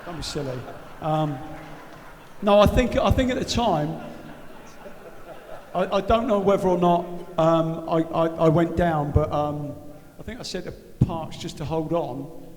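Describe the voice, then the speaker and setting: A man, a former footballer, talking candidly and jokily on stage. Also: a little high. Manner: candid, animated, quick to swear and joke. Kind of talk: live on-stage interview. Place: large arena stage. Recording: long reverb of a big hall.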